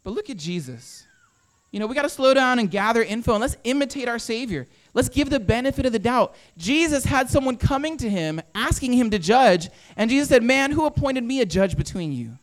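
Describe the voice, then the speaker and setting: A male pastor preaches briskly in a very high voice with lively intonation, recorded dry. In his conversational sermon he poses rhetorical questions and acts out quoted inner voices.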